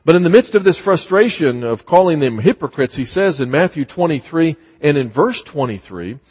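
A fairly high-voiced man preaches with emphatic, repetitive delivery, acting out scripture passages. His voice is husky, and the muffled recording carries a long reverb from a large church hall. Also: very animated, moderate pace, darkish tone. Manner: emphatic, repeats words, voices scripture quotes dramatically. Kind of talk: sermon.

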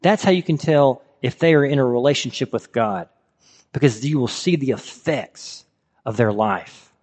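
A man's voice: mid-range voice, normal speed, darkish tone. A man preaching a sermon in a conversational way, asking his listeners rhetorical questions. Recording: reverberant hall.

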